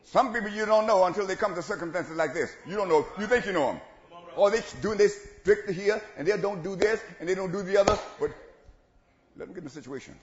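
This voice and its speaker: A man preaching a sermon in church, swinging from shouted lines to low asides and chuckles. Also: fast talker. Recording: echoey church room, dull lo-fi sound.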